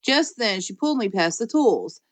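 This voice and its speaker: A woman narrating a children's storybook in first person, lively and playful. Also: medium pitch, normal speed, no echo. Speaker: audiobook reader.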